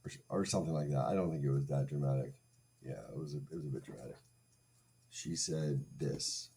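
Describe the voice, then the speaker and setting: A man's voice: a bass voice, fairly quick, gravelly, warm tone. A man in his forties, hosting a livestream, telling a crude comic story in a sarcastic, rambling way with self-mocking asides. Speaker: streamer host.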